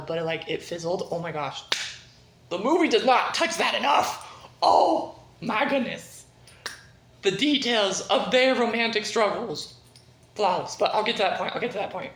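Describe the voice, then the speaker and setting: A woman's voice: mid-range voice, a bit bright. A young woman talking in a casual video review, rambling and gushing in a scatterbrained way. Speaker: book reviewer. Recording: echoey room.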